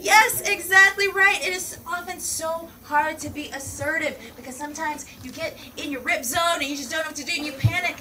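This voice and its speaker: Speaking a little fast with few pauses, this peace educator's high voice sounds pushed and bright as she enthusiastically teaches children outdoors, exclaiming often and referring to the kids as her people. The mic is far off and background noise comes through.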